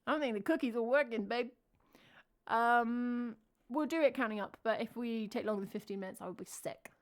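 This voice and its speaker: A woman's voice: on the high side, brisk. A woman with an English accent, chatting casually on a live stream, thinking aloud and answering her chat. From England.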